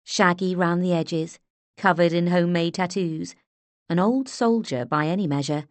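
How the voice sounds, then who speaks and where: A woman narrating an audiobook in a measured, unhurried way, close to the mic. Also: lowish voice, no room sound. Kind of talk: scripted narration.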